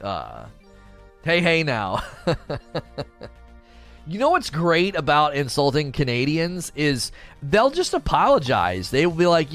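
Animated joking man on a stream. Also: fairly high pitch, a little slow, soft background music. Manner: joking, teasing banter with viewers. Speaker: livestreamer reading chat. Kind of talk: casual livestream chat.

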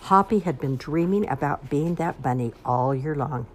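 A woman reading a children's picture book aloud in an expressive, sing-song way. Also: deep voice, moderate pace, slight background noise. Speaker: storyteller. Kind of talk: children's storybook read-aloud.

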